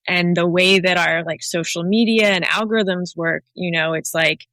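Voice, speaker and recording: Bright-voiced woman podcast host. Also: lowish voice, fairly even intonation, moderate pace, dry recording. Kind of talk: casual podcast conversation.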